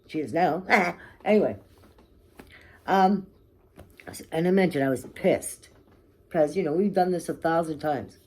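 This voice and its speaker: Low, warm-voiced woman, blunt storyteller. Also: a little slow, pauses often. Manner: candid and blunt, swears freely, frequent "okay?" and "right?". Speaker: vlogger telling her life story. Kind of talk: personal storytelling to camera.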